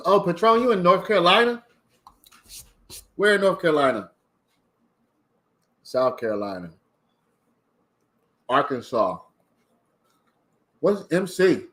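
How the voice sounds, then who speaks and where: A man's voice: on the high side, big pitch swings, unhurried, pauses often, a bit bright. A man from Maryland hosting a casual livestream, chatting and reading out viewer comments. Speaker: livestream host.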